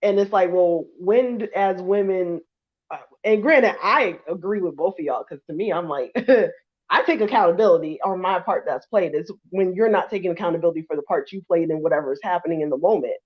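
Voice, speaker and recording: A woman's voice: on the low side, a little fast. A woman in her thirties co-hosting a podcast in casual chat, laughing often and acting out what people say. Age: 30s. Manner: laughs often, acts out quotes. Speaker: podcast co-host. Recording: slightly dull lo-fi sound.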